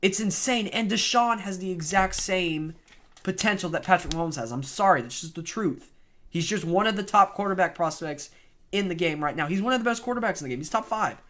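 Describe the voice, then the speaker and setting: A man's voice: sits high, a little fast. A young man giving an unedited, opinionated rant about his favorite football team. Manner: opinionated, animated, ranting. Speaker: sports fan vlogger.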